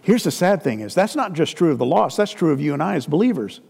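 Animated middle-aged preacher in a reverberant hall. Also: male voice, fairly high pitch, quick pace, creaky, breathy edge. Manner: animated storyteller, acts out quoted voices. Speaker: pastor. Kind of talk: sermon with storytelling.

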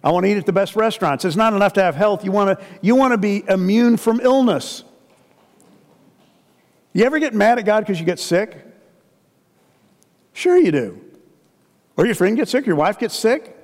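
A man's voice: sits high, moderate pace, pauses often. A middle-aged man preaching a sermon, telling stories animatedly and acting out the people he quotes. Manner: animated storyteller, acts out quoted voices. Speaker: pastor. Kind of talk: sermon with storytelling. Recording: reverberant hall.

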